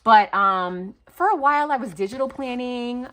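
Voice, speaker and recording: An excitable woman in her thirties chats through a craft mail unboxing, her pitch leaping all over as she gushes. Her voice is bright and bubbly, full of gasps and fillers. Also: normal speed. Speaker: crafting channel host. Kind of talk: casual unboxing chat. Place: home, near garage.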